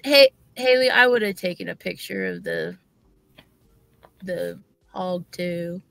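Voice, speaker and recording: Gravelly, lively woman co-host, dry sound. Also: lowish voice, slow pace, no echo. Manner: teasing, laughs often. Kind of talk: casual livestream chat.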